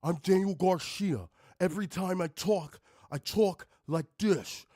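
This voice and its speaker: A man doing a mocking impression of a male wrestler who talks with his mouth stretched wide, in a slow, exaggerated, pompous way. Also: sits high, dark tone, no room sound, clean studio sound.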